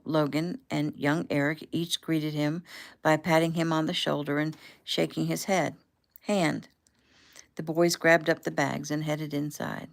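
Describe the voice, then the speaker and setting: A woman author casually reading her own novel aloud, relaxed and unpolished, now and then correcting herself. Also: low-pitched, creaky. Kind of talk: casual audiobook narration.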